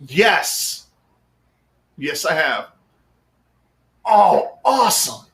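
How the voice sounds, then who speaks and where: A man in casual podcast chat, swearing a lot and ranting with animated energy. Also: on the high side, drawn-out words, creaky, echoey room. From Norwegian heritage, US.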